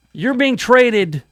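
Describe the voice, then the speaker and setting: A man's voice: extremely high pitch, dry recording. A man hosting an afternoon radio show, joking around in studio banter and slipping into hammy country DJ voices. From Memphis area. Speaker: radio host. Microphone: studio mic.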